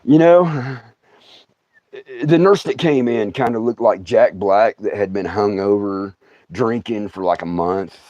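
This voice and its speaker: A man's voice: medium pitch, dull audio. A middle-aged man telling a comic story on a livestream, stammering, laughing often and putting on voices. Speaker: comedian. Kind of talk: storytelling stand-up.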